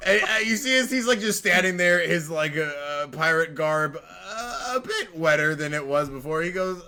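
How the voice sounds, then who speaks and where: A man's voice: fairly high pitch, animated, normal speed, few pauses, sharp tone. A man narrating a tabletop game as game master, rambling and full of fillers.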